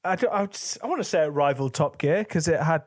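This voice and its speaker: A man's voice: on the high side, expressive, fast, dry recording, studio quality. A man chatting as a podcast guest, candid and crude, often laughing. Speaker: guest, video director and producer. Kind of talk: casual podcast chat.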